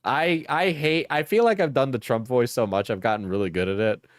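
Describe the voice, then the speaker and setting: A man with a New York accent talking casually on a live stream, joking and rambling. His voice comes through smooth and dry on a close mic, though a little hoarse. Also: mid-range voice, brisk, no room sound. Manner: joking, rambling, laughs often.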